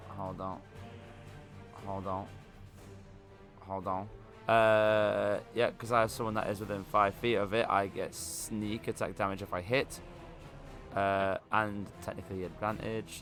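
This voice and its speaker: Man, tabletop player, gravelly voice, low pitch, rambling and laughing. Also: steady tone, a little slow, fairly bright tone, faint music behind. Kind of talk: casual tabletop game chat.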